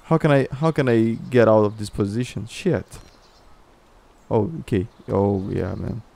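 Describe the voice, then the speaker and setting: A Brazilian man with a Brazilian Portuguese accent, a gaming YouTuber doing excitable, exaggerated commentary and in-game voice chat, swearing a lot. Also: lowish voice, measured pace, gravelly.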